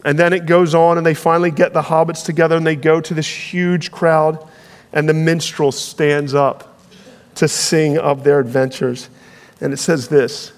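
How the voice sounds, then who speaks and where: A man preaching a sermon, earnest and emphatic, slowing down on key phrases, heard in a large hall. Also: on the high side, flat delivery. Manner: earnest, building to emphatic peaks, slowing for weight. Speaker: pastor.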